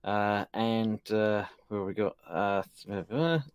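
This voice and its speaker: A man's voice: lowish voice, takes it slowly, clean tone, no room sound, muffled recording. Man, co-host, reads out comments, um-filled, dry close sound. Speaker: co-host reading viewer comments. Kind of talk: casual group chat on a live stream.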